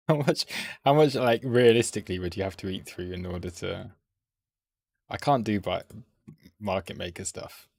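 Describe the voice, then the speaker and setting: A man's voice: on the low side, normal speed, gravelly, long pauses, a little mellow, no echo. A man, chatting playfully on a live trading stream and talking at the price chart.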